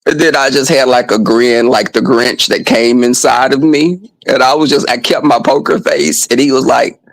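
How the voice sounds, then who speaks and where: A man vlogging a casual story monologue, animated and profane, breaking off now and then to scold his dog. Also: mid-range voice, moderate pace, vocal fry, no room sound, low-quality recording.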